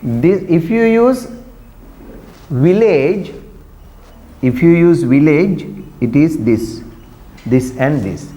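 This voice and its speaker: A man's voice: on the high side, expressive, slow pace, dark tone. A man teaching pronunciation to a class, patiently repeating words and asking questions. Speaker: English teacher. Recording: long echoey room reverb.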